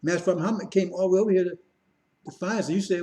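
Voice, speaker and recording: A man's voice: high voice, steady tone, racing, dark tone, low-quality recording. A man giving a mocking, emphatic religious critique monologue. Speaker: religious commentator.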